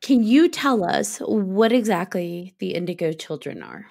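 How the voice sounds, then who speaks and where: A woman's voice: mid-range voice, sing-song, measured pace, gravelly, a little mellow. A woman hosting a podcast, asking her guest loosely phrased, curious questions in a casual tone. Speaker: podcast host.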